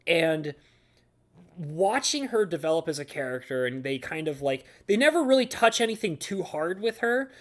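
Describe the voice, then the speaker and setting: A man's voice: fairly high pitch, sing-song, moderate pace, fairly bright tone. A man reviewing anime in a casual, rambling way, full of fillers and gushing enthusiasm. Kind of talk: casual talk to camera.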